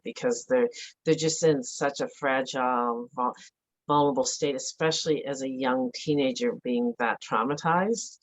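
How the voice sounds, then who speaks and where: A middle-aged woman giving a halting, emotional personal account as an interview guest, with many fillers and restarts. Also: extremely low pitch, low-quality recording. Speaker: interview guest, bereaved mother.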